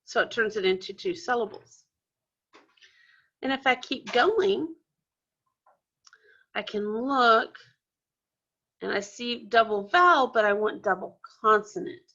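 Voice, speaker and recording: A woman's voice: a little high, animated, slow, pauses often, bright, forceful tone, dull audio. A woman teacher giving a recorded lesson to young children, explaining patiently step by step. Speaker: second grade teacher.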